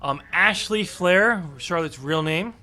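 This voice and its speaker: A man's voice: high voice, slow pace, bright, forceful tone. A man co-hosting a wrestling podcast in casual chat, opinionated and chatty, with frequent ums. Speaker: podcast co-host.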